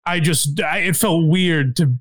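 A man's voice: on the high side, unhurried. A man co-hosting a casual comedy podcast, rambling and laughing with plenty of restarts. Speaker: podcast co-host.

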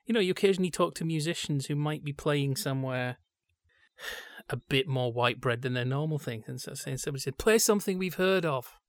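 A man's voice: mid-range voice, steady tone, a little fast, no echo, studio quality. A man co-hosting a podcast, talking in a thoughtful, discursive way that drifts from point to point. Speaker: podcast co-host.

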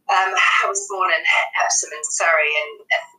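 A woman's voice: fairly low pitch, steady tone, normal speed, sharp tone, distant mic. A woman from England, an accent and dialect coach, chatting in an interview over a phone call with many ums. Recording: echoey phone line from afar.

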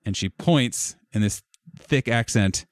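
A man narrating as game master of a tabletop game, describing scenes in a relaxed, rambling way with fillers. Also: medium pitch, slow, dry recording, studio quality.

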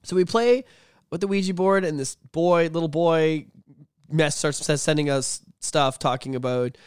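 A young man tells a story on a podcast in a casual, animated way. He swears often and rambles with lots of fillers. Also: a little high, normal speed, clean tone, dry recording, clean studio sound. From Canada. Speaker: podcast host.

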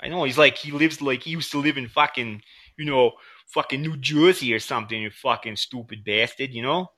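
A man's voice: mid-range voice, brisk, bright, forceful tone. A man trading crude, profane jokes with a friend while streaming, laughing often. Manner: profane, laughing, joking in a rowdy voice.

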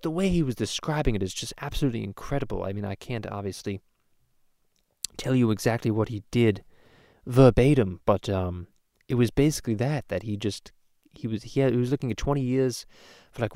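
A man's voice: mid-range voice, a little fast, dark tone, dry recording, clean studio sound, close to an everyday voice. A man playing a crude cartoon baby boy in a parody podcast, rambling through stories with lots of swearing and restarts. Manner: rambling storyteller, swears a lot, many restarts. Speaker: podcast host. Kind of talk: casual parody podcast chat.

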